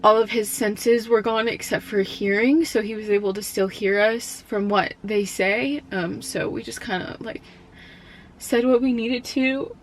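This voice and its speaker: A young woman in college telling a personal story in a vlog, speaking softly and haltingly with many fillers, at times close to tears. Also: mid-range voice, steady tone, a little hiss or hum. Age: young adult. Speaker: college student.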